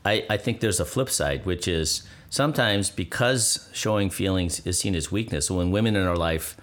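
A man who is a pastor, talking as a guest on a podcast and telling stories in an animated way. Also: low voice, moderate pace. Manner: animated storyteller, acts out little scenes. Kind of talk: casual conversation.

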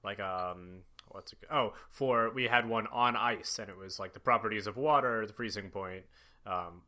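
A man's voice: on the low side, normal speed, pushed and bright. A young man hosting a podcast, chatting casually, rambling with lots of fillers and frequent laughs. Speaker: podcast host. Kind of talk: casual chat.

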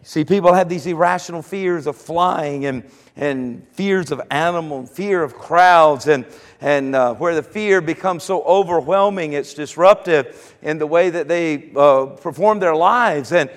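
A man's voice: fairly high pitch, measured pace, in a large hall. A male preacher giving a sermon, telling homely stories and building to fervent declarations. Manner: folksy storytelling, rising to fervent declarations.

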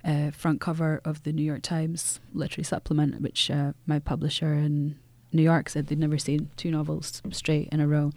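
An author reflects in an interview, talking earnestly with many restarts and fillers. The voice is mellow and fairly flat in pitch. The recording is dry and close. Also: moderate pace, hardly any pauses, no room sound.

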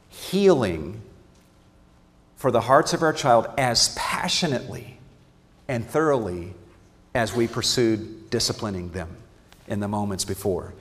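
Earnest man preaching in an echoing hall. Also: medium pitch. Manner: earnest, emphatic, with repeated restarts. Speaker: seminar teacher on parenting. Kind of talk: sermon-style teaching. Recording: long hall reverb.

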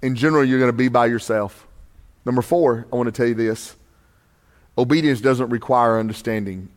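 A pastor delivers a sermon, shifting between quiet, intimate asides and loud, raised preaching. He tells stories in a joking, conversational way, his mid-range voice moving fairly quickly.

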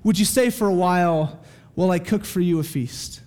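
An eager older patriarch, pleading and reverent, his voice pushed up high and slowed down, a little distant from the mic, as a preacher acts him out. He begs a holy guest to stay and eat, breathless with awe. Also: a little mellow, lightly acted. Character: eager older male patriarch welcoming God.

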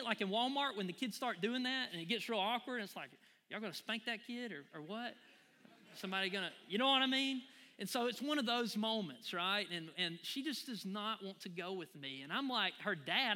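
A man's voice: high-pitched, fairly quick, long reverb tail. A man, preaching a sermon and telling a folksy personal story to his congregation. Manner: animated, folksy, addresses the crowd as y'all. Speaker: pastor.

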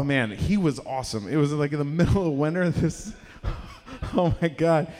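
A man doing a stand-up set in a small performance space, with an awkward, halting delivery full of fillers and sudden shrieking impressions. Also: on the high side, a little mellow. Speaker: stand-up comedian. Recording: live room with long reverb.

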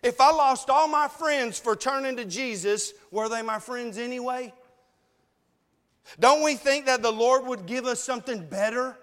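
A man's voice: extremely high pitch, unhurried, a bit bright, in a large hall. A man preaching a sermon, earnestly pleading with his congregation. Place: church.

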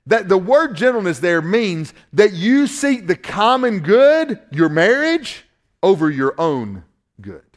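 A man with a Southern accent from Northwest Georgia, preaching a sermon in a folksy, animated, joking way. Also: medium pitch. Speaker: pastor.

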